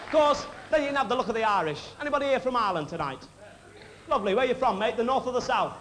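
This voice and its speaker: A man's voice: very high-pitched, animated, crowd noise. A man hosting a variety show, telling cheeky jokes in stand-up patter to a live theatre audience. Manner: cheeky, quick joke-telling. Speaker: variety show host and comedian. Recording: noisy 1960s television broadcast.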